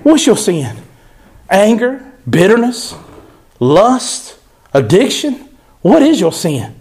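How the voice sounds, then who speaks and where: A man's voice: sits high, very animated, slow, darkish tone. A man preaching a sermon, emphatic and repeating phrases for stress.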